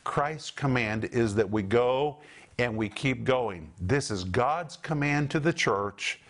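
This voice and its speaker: A man's voice: medium pitch, lively intonation, slow pace, fairly bright tone. A middle-aged man teaching a sermon on scripture, emphatic and preacherly, repeating his key phrases for weight. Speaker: Bible teacher.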